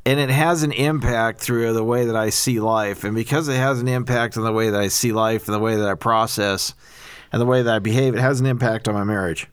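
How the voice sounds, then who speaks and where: A man's voice: lowish voice, a little fast, clear, resonant tone, no echo. A man co-hosting a casual talk about faith, recovery and marriage, who speaks earnestly and a bit preachily in long explanatory stretches. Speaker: podcast co-host.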